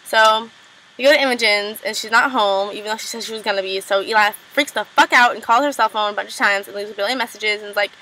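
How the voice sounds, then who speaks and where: Chatty bright-voiced young woman. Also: mid-range voice, a little hiss or hum, poor audio. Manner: chatty, lots of "like" and "um", acts out lines in quick impressions. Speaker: recap vlogger. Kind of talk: casual episode recap.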